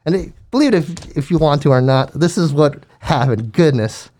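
A man's voice: on the high side, moderate pace. A man earnestly telling a faith story in casual conversation, acting out the quotes. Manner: earnest, animated retelling with acted quotes. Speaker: guest telling a ministry story.

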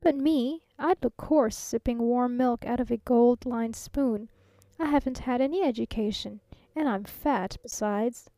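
A woman's voice: a little high, unhurried, warm tone, dry recording. A woman voicing a chatty, folksy, fat male traveling salesman near fifty, earnest and talkative.

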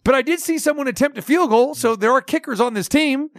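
A man's voice: very high voice, fast, dry recording, clean studio sound. A man hosting a sports radio show, ranting with sarcastic asides. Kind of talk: casual sports talk radio rant.

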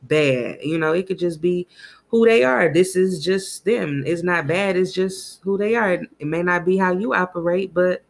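A woman co-hosting a casual podcast, giving relaxed, rambling advice with frequent "you know.". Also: lowish voice, moderate pace, vocal fry. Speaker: podcast co-host. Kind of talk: casual chat.

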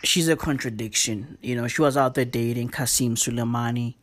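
A woman's voice: a bass voice, brisk. A woman hosting a casual comedy chat, loose and profane, full of slang and rambling asides.

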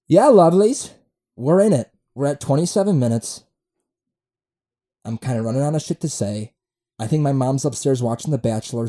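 Male, 20s, comedy podcast host; deep mellow tone, animated delivery, profane rambling rants. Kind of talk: solo comedy podcast rant. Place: room at home.

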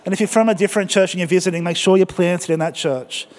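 A man preaches to his congregation with energy and humor, his voice high and lively. It rings through a church with a long reverb. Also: fast. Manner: energetic, joking, exhorting the congregation. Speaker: pastor. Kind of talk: sermon.

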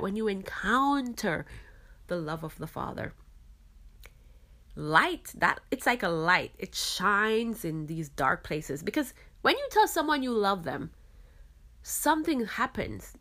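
Woman podcast host, Caribbean-raised, faith talk, earnest and reflective, middle pitch. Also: fairly bright tone. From Caribbean islands. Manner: earnest, reflective, frequent "you know".

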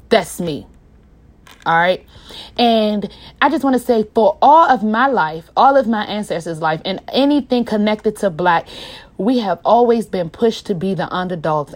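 A woman hosting a podcast, talking in an impassioned, casual monologue that swings between a low, quiet voice and a raised one, addressing her listeners as y'all. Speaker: podcast host.

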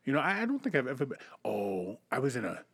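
Man, quick talker, lively swings in pitch, dry close sound, casual swearing chat. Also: gravelly, slightly rough, dry recording. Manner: animated, swearing, laughs and acts out quotes. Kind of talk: casual profane storytelling chat.

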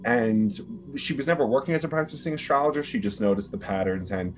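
A man, an astrologer guest, talking casually and profanely in quick animated bursts from a bedroom over a call. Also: medium pitch. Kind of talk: casual podcast chat. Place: grandmother's house bedroom.

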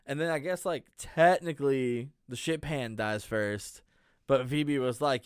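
Young man, slightly high voice, profane, laughing, mocking movie recap, dry close sound. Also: expressive, moderate pace, a bit bright, clean tone, no room sound. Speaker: podcast co-host. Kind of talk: casual movie-riffing chat.

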